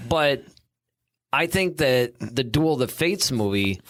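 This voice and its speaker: A man's voice: mid-range voice, animated, slow, fairly bright tone, no room sound, studio quality. A man co-hosting a podcast, chatting casually about movies and acting out lines he quotes. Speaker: podcast co-host. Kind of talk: casual chat.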